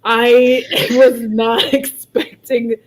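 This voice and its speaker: A woman's voice: fairly high pitch, flat delivery, extremely slow, background noise. A woman hosting a casual livestream chat from home, who keeps breaking into helpless laughter. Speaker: livestream host.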